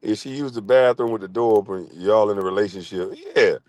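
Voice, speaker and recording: A middle-aged man streaming a profane comic rant, crude, loud and laughing often. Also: fairly low pitch, fairly quick, dry recording.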